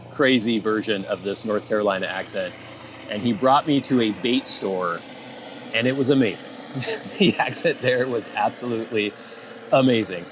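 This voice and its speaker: A lowish, fairly bright male voice comes through with slight background noise. He's an American hosting his YouTube channel, talking casually and rambling to camera while thinking things through aloud.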